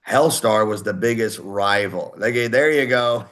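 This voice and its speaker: A man in his sixties from Houston, a heavy metal singer telling stories as an interview guest in an animated way, acting out other people's voices. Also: on the low side, a little slow. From Houston, Texas. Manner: animated, acts out quoted voices. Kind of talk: casual interview storytelling.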